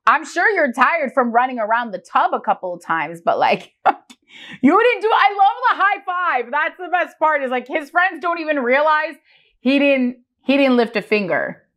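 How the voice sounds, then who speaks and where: A woman hosting a reaction video, animated and exclaiming as she comments. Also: sits high, moderate pace.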